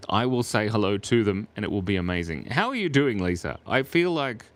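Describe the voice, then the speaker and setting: A man's voice: on the low side, big pitch swings, fairly quick. An Australian man chatting playfully with viewers while drawing on a live stream.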